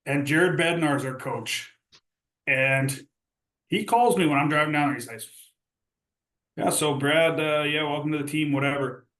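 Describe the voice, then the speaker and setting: A man with a fairly high voice spins loose, laughing hockey stories in a casual podcast chat. He acts out what other people said. The room adds a roomy echo. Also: a little slow, pauses often, a bit bright. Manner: laughing storyteller, acts out quotes. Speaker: podcast host.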